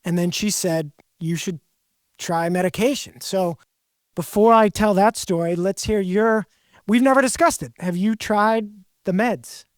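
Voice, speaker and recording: A man's voice: high-pitched, unhurried, no echo, clean studio sound. A man hosting a podcast, talking candidly in a rambling, self-deprecating way. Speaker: podcast host. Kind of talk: casual podcast conversation.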